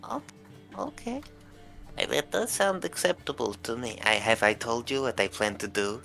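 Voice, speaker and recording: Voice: medium pitch, sing-song, normal speed, creaky, fairly bright tone, soft background music. A player voicing a very wealthy woman in her late seventies who schemes to become a lich, speaking in a grand, self-satisfied, mock-genteel way. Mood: politely businesslike. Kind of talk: tabletop role-play in character.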